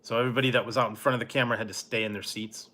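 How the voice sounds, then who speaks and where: A middle-aged man chats on a late-night live stream, in a bright, forward tone at an ordinary pitch. He rambles through a story in a laid-back way, chuckling softly as he goes, and stops now and then to answer his chat. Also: flat delivery, very fast. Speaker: food review channel host.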